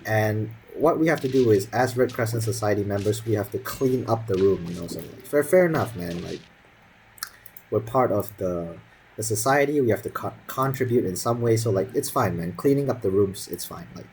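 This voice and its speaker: A man's voice: fairly low pitch, moderate pace, darkish tone, faint music behind, low-quality recording. A young man in his teens telling a school story as a casual, profane, sarcastic rant full of fillers.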